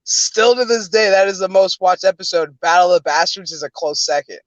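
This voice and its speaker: A high-pitched man rattling off crude, profane stories between bursts of laughter. His voice sits dry and close, with a dull, lo-fi muffle to the recording. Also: brisk, no room sound. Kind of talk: casual chat.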